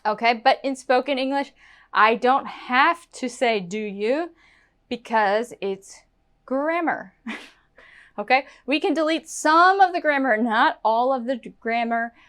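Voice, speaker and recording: A woman with a fairly high voice teaches pronunciation at an unhurried pace. She repeats each example phrase to model it and keeps a playful, chatty tone with her learner. Her delivery is clear and deliberate. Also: a bit bright. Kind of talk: spoken English lesson.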